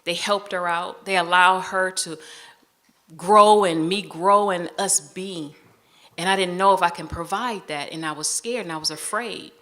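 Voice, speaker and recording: A woman's voice: fairly low pitch, a little slow, a bit bright. A woman storyteller telling a personal story in a conversational way on stage, acting out the dialogue of the people in it. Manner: conversational, acts out dialogue in quoted voices.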